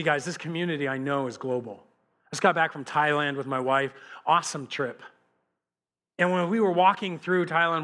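A man preaching as a pastor, animated and conversational, speaking straight to his congregation. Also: fairly high pitch. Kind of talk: sermon.

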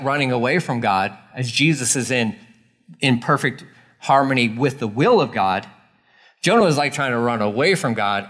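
A man in his forties preaching a sermon in a lively, conversational way, with sudden jumps in pitch and loudness. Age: 40s. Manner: animated, conversational preaching with acted-out quotes. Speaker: pastor.

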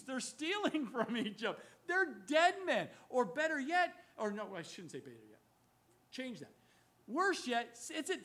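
High-voiced man preaching emphatically. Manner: animated, emphatic preaching with frequent self-corrections. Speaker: pastor. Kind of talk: sermon.

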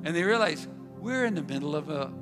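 Male pastor, sermon delivery, higher-pitched, repetitive emphasis, faint music bed. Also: animated, fairly quick. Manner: preaching with emphatic repetition and sudden pitch swings.

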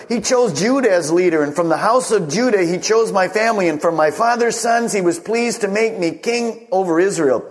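A middle-aged man, a pastor, preaching a sermon. He swings between raised, emphatic phrases and hushed ones, and puts questions straight to the congregation. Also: sits high, moderate pace, few pauses. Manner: asks the congregation questions directly.

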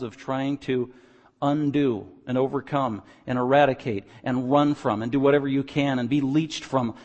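A man preaching an expository sermon, moving from quiet, low explaining to loud, emphatic passages. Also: long reverb tail. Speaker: pastor.

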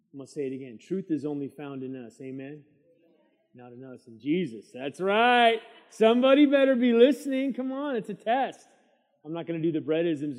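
A middle-aged man teaching a midweek church Bible study, preaching in a lively way and drawing amens from the room. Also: a little high. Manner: lively preaching with call-and-response asides. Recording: long church hall reverb.

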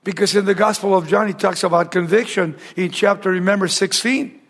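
Preacher guy, pitched kinda high, gravelly husky voice, asks the congregation questions, goes almost to a whisper sometimes. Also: brisk. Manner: drops to a hushed near-whisper for emphasis. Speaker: pastor. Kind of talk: sermon.

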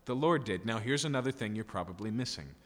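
A man's voice: on the low side, animated, fast talker. A man preaching an expository sermon, emphatic and full of rhetorical questions and checking "okay?" tags. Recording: long hall reverb.

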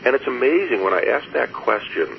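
A man, a therapist speaking as an interview guest, reflective and storytelling, with soft laughs and frequent fillers. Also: mid-range voice, animated, brisk, vocal fry. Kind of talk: conversational interview. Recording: muffled lo-fi audio with faint hiss.

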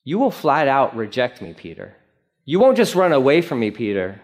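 A pastor voicing a gentle man calmly rebuking a friend, in his own voice but lower and quieter. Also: moderate pace. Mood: gentle rebuke. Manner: gentle and solemn.

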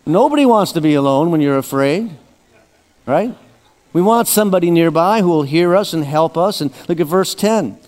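A pastor giving a conversational sermon with touches of humor. He slows down and drops his voice for scripture readings. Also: on the high side, animated, darkish tone, in a large hall.

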